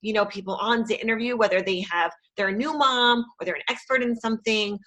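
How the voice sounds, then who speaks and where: A woman's voice: on the high side, quick pace, bright, forceful tone. A woman in her thirties hosting a podcast, talking casually and openly with many fillers. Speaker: podcast host. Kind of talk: podcast interview.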